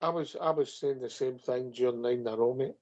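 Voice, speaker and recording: A man's voice: mid-range voice, a little fast, over a noisy crowd. A Scottish man hosting a football phone-in show, chatty and tagging "mate" onto his sentences. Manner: chatty, says mate constantly. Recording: dull lo-fi phone-in audio.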